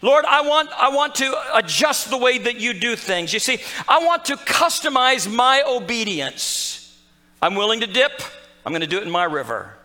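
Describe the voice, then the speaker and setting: A man voicing a proud, indignant male army commander who complains loudly and in exasperation. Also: very high-pitched, expressive, moderate pace, big-room sound, pitched above the performer's own voice, exaggerated voice. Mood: bargaining. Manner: raised, loud, exasperated complaining.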